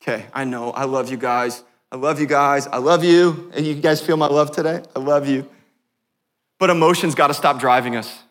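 A man preaching a sermon as a pastor, passionate and joking with his congregation, swinging from hushed tones to loud, fervent peaks. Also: medium pitch, moderate pace. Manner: laughs and jokes with the congregation. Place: church sanctuary. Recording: long reverb of a church hall.

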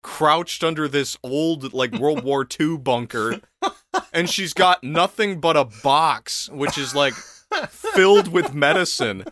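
A young man in casual comedic chat, telling an animated story full of laughter and swearing. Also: a little high, slow, dry recording, clean studio sound.

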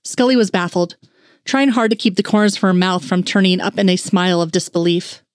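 A woman reading fan fiction aloud in a steady storytelling narration. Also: fairly low pitch, fairly quick, no echo, clean studio sound.

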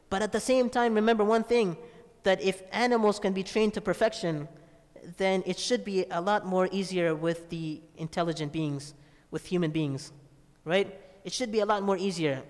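A man's voice: high voice, in a large hall. A man preaching a sermon, telling a story and asking rhetorical questions with a frequent "right?". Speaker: Islamic preacher.

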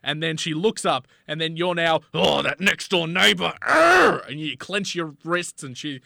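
A man's voice: a little high, moderate pace, gravelly, no echo, studio quality. A man co-hosting a comedy podcast, chatting casually and slipping into joking put-on voices. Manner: animated, jokey, slips into put-on voices for bits. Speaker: podcast co-host.

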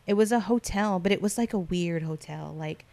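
A woman's voice: on the low side, moderate pace, gravelly, darkish tone. A young woman telling her dreams in casual chat, rambling and full of fillers, acting out what people said. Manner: rambling, filler-heavy storytelling with acted-out quotes. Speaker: guest recounting dreams.

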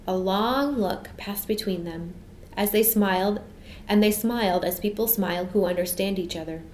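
A woman reading a storybook aloud in a gentle, expressive way. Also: medium pitch, moderate pace. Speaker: narrator. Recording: echoey room, faint hum.

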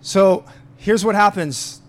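Male pastor with a high voice, earnest sermon delivery that swells when he reads scripture. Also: takes it slowly. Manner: earnest preaching, rising louder when reading scripture aloud.

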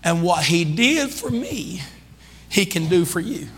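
A man preaching a sermon as pastor, calling out to the congregation and building into shouting. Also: sits high, very animated, measured pace, long reverb tail. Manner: calls out to the congregation. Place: church sanctuary.

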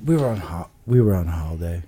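A man co-hosting a podcast, telling crude stories in an animated, profane way. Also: sits low, quick pace, husky. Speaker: podcast co-host. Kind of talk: crude casual podcast storytelling.

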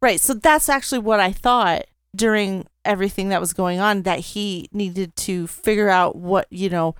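A woman co-hosting a podcast, casually filling in plot details of a film in a relaxed chat. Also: mid-range voice, normal speed, smooth, no room sound, studio quality. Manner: relaxed, adds plot details, some restarts. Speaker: podcast co-host. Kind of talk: casual movie review chat.

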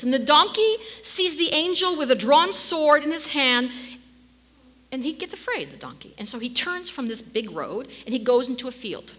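A woman delivers a sermon with animated storytelling, her pitch leaping and sinking and sometimes dropping to a hush. Her voice is bright and breathy, with a long hall reverb behind it. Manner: animated storytelling, dips to near-whisper. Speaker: preacher.

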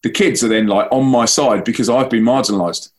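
A young man from a Christian band, telling a long story to a school audience and acting out the voices in it. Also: brisk. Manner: animated, acts out quoted voices with big pitch leaps. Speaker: Christian band member giving a school talk. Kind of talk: storytelling speech.

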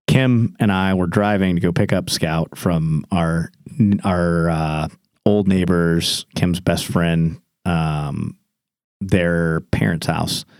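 Casting note: deep-voiced male co-host for a casual chat, profane, animated storyteller, dry close sound. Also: slow, no echo. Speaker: podcast co-host. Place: married man telling a story about his wife.

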